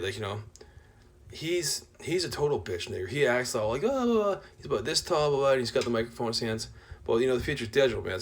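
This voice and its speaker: A man talking in a rambling, profane monologue rant. He is full of filler words and swings between loud outbursts and low mutters. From Canada.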